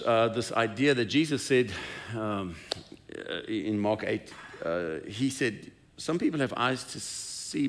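A man preaching a sermon as pastor, retelling scripture scenes in an animated storytelling way. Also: lowish voice, vocal fry.

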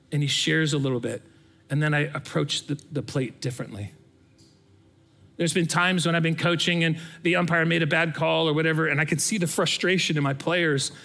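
A man's voice: fairly high pitch, creaky, fairly bright tone. Earnest man preaching in a conversational way. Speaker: pastor. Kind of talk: sermon.

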